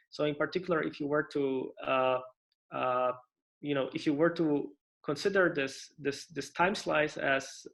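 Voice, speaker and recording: A man giving an online conference lecture on physics, talking in a halting way with many restarts and fillers and inviting questions. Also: a little high, creaky. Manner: asks for questions and interruptions. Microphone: computer mic on video call.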